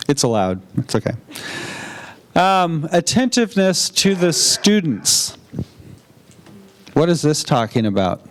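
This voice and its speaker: A man's voice: on the high side, very animated, takes it slowly, pauses often. A man leading a teaching workshop, chatty and jokey, drawing answers out of the audience in a large room. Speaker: workshop presenter.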